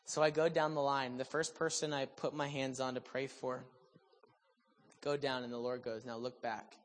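A male preacher delivers a sermon in animated storytelling mode. His delivery rises to loud, excited peaks and drops to soft, hushed passages. The sound carries the long reverb of a large hall. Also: medium pitch, normal speed, a little hiss or hum.

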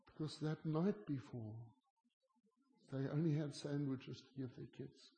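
Here the voice is fairly high-pitched yet dark in tone, steady and unhurried. He is a man from South Africa with the accent to match, a guest giving a humorous sermon, spinning chatty stories and teasing the crowd amid the long echo of a large hall.

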